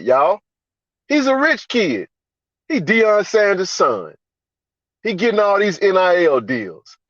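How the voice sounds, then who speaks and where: Fired-up, profane sports host. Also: male voice, a bit bright, no echo. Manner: fired-up, profane ranting with repetition. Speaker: podcast host. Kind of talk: live sports reaction stream. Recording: dry, dull low-fi sound.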